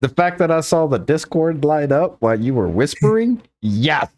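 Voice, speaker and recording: A blunt man swears freely as he chats casually on a podcast. His pitch swings widely and animatedly from line to line. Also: animated, moderate pace, darkish tone. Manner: blunt and profane. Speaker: podcast co-host. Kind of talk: casual chat over a voice call.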